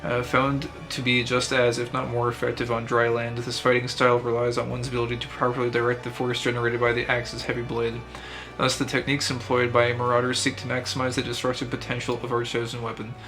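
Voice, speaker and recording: A man's voice: mid-range voice, completely flat delivery, quick pace, few pauses, fairly bright tone, soft background music, lightly acted. A man reading a stern axe master. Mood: formal. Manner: grandiose, formal read-aloud delivery. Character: stern battle-scarred male axe guild master.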